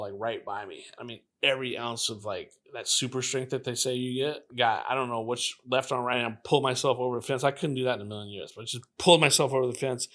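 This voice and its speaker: A man in his fifties from Los Angeles, a graffiti artist telling stories as a guest and acting out the voices of the people in them. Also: mid-range voice. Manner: animated storyteller who acts out the voices of people in his stories. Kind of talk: casual storytelling interview.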